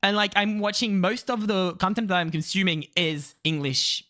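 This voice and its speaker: A man's voice: high voice, normal speed, pushed and bright. Rambling young French-accented male streamer. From France. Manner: rambling and self-mocking, with frequent swearing and fillers; jumps into mock voices mid-sentence. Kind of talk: casual live-stream chat.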